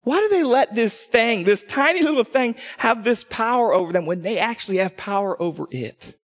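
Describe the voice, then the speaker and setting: Texas-raised male pastor, high voice, lively storyteller, reverberant sanctuary. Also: moderate pace. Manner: animated storytelling, acting out quotes. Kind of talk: sermon. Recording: long hall reverb.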